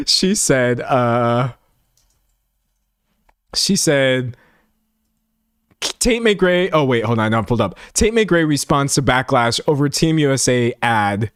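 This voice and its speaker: A man's voice: medium pitch, slow, long pauses, clear, resonant tone, no echo. Young male streamer from Texas, casual chat with comments, plays up quotes, dry close sound. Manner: animated, mock-dramatic voices for quoted comments. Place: home room with a set backdrop.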